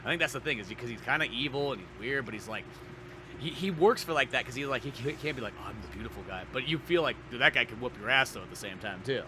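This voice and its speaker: A man's voice: medium pitch, animated, fast, background noise. A man co-hosting a podcast, chatting casually and animatedly, swearing and acting out scenes in goofy voices. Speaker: podcast co-host. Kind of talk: casual chat.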